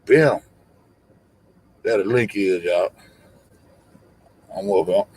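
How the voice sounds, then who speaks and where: A man's voice: on the low side, slow pace, a little mellow. A man hosting a livestream, ranting profanely and confrontationally, repeating himself. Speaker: livestream host. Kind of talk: heated livestream rant.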